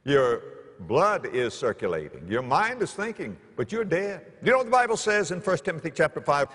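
A male preacher telling stories from the pulpit, his voice leaping from hushed lows to ringing highs. Behind him is the long reverb of a large church sanctuary. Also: normal speed. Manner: animated, dramatic swings in pitch and loudness. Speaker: pastor. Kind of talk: storytelling sermon.

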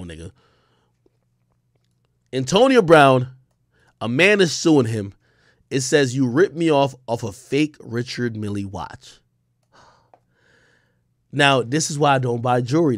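Animated, profane New storyteller man. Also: mid-range voice, no echo, clean studio sound. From the Bronx, New York. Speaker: streamer host. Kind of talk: casual storytelling monologue.

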